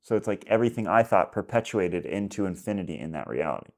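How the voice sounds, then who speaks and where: Rambling low-voiced male podcast guest. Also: sing-song, quick pace, a little mellow. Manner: rambling storytelling, many "like"s and acted quotes. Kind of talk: casual conversation.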